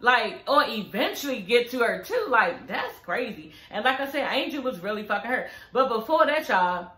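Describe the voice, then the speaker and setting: A woman's voice: a little high, animated, normal speed, sharp tone. Sassy, profane woman chatting in an echoey room. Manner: sassy, profane, chatty, addresses viewers as y'all. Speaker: reality TV recap vlogger. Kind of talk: casual recap commentary.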